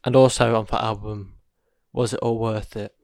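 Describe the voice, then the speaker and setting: A man's voice: lowish voice, level tone, moderate pace, vocal fry, darkish tone, dry recording, studio quality. A man chatting casually in a laid-back way, mostly giving short replies. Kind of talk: casual chat.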